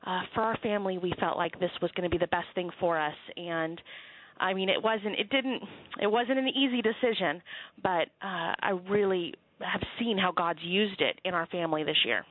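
A woman's voice: lowish voice, normal speed. Woman on a tinny phone line. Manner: chatty, joking, lots of fillers and laughs. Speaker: author guest on phone. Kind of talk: phone interview.

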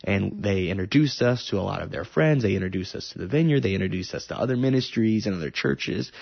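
Gravelly man telling an emotional testimony. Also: on the low side, lively intonation, quick pace, no room sound, lo-fi sound. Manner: emotional, earnest storytelling. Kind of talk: personal testimony.

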